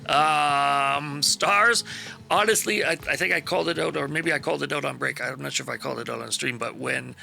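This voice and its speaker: A man's voice: fairly high pitch, fairly quick, vocal fry, pushed and bright, soft background music. A man hosting a stream, chatting casually after a game session and praising his fellow players with rambling enthusiasm and casual swearing. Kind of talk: casual post-session chat.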